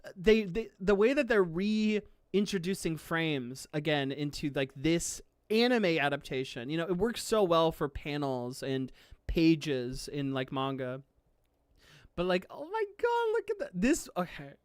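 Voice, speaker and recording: A streamer chats casually while reacting to an anime, gushing, laughing often, and close to tears with emotion. The voice is medium-pitched and unhurried, with a clean tone and no echo.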